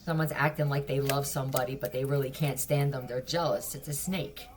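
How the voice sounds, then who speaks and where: A woman's voice: extremely low pitch, steady tone, brisk. A woman giving a casual tarot reading, blunt, profane and mocking. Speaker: tarot reader.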